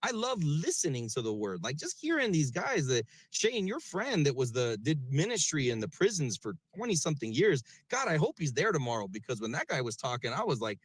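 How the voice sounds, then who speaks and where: A man's voice: on the high side, very animated, a little fast, hardly any pauses, slightly rough, dry recording. A man speaking in a live audio chat, earnest and heartfelt, stumbling over restarts. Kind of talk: casual heartfelt talk.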